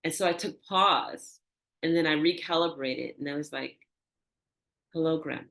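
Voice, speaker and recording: A woman's voice: normal speed, creaky. Older woman telling a personal story. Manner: animated, acts out quoted dialogue with rising pitch; drops to a soft, hushed tone for reflective moments. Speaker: interview guest, energy healer.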